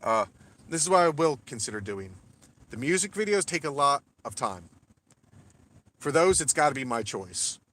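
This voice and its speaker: A man chatting casually with his audience at the end of a late-night livestream, loose and profane, getting excitable when he corrects a pronunciation. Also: medium pitch, moderate pace, pauses often. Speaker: livestream host.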